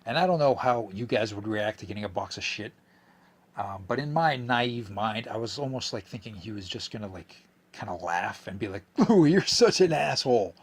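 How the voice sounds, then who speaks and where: A young man hosting a podcast, telling a story in a rambling, profane way, a bit drunk and slurring. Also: lowish voice. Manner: rambling, profane, with many fillers and restarts. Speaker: podcast host. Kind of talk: casual storytelling monologue.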